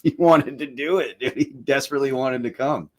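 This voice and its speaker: A man's voice: medium pitch, brisk, darkish tone. A man co-hosting a podcast, talking in a casual chat and rambling through stories, swearing freely and laughing at his own tales. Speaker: podcast co-host.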